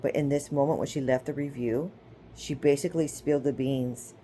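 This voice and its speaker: Rumbling low and dark in tone, a woman speaks briskly with fairly even intonation over slight background noise. Her spiritual teaching is casual and chatty, built on scripture stories with acted-out quotes, and she keeps checking in with her listeners, asking "okay?" and "right?".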